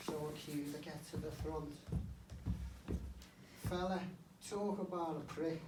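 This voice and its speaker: A man's voice: high-pitched, moderate pace, long pauses, noisy background. A man doing a live stand-up set. He tells his stories in a blunt, sweary way. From Liverpool area. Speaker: stand-up comedian. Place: comedy club stage. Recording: echoey club from far off. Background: audience laughter.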